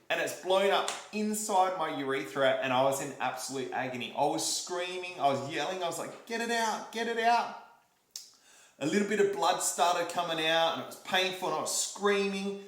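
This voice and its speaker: A young Australian man vlogging, telling a story to camera in a lively, repetitive way and acting out what people said. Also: fairly high pitch, a little fast. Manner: animated, repeats himself, acts out quotes and demonstrations. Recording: roomy echo.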